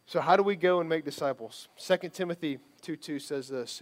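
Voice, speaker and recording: A man's voice: a little high, fairly quick, hardly any pauses, slight background noise. A man giving a sermon as a pastor, conversational and emphatic, repeating phrases for stress.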